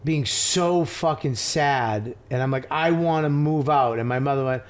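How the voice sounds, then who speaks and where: A man's voice: medium pitch, unhurried. A man guesting on a podcast, telling childhood stories bluntly and profanely in casual chat. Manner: blunt, profane, animated storytelling.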